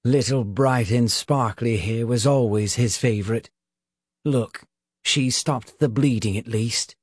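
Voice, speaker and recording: Sneery old witch as a guy puts her on, low and hushed, drags out her words, dry close sound. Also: slow pace, husky, dry recording. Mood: scornful.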